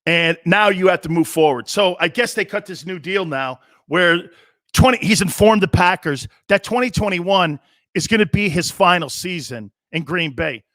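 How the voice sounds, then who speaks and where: Middle-aged male sports talk host, high bright voice, animated sarcastic rant, dry close sound. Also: normal speed, no echo. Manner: animated ranting, sarcastic, mocking mimicry. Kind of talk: opinionated sports commentary.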